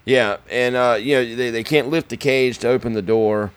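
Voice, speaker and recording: A man's voice: mid-range voice, steady tone, moderate pace, smooth. A man co-hosting a podcast, chatting casually about films and rambling with restarts. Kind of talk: casual movie chat.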